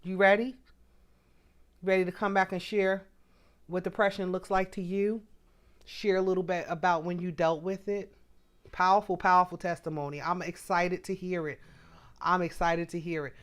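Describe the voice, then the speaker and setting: A middle-aged woman, hosting a casual livestream from home. Her voice rises and falls a lot as she thanks viewers by name. She reads their comments out loud, talking straight to the people watching. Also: lowish voice, fairly even intonation, normal speed. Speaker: livestream host.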